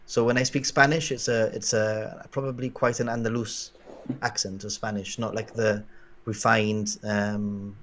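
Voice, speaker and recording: Man explaining in a measured way. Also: lowish voice, little pitch movement, fairly bright tone, a little hiss or hum. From Gibraltar. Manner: measured, explains with many "um" fillers. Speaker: Japan vlogger guest. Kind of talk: casual livestream chat.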